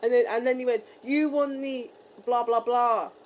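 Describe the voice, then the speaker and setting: A young British woman from the UK telling a story in a casual vlog, acting out the dialogue with lively energy. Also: on the high side, moderate pace, rough recording. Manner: animated, re-enacting dialogue. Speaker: vlogger.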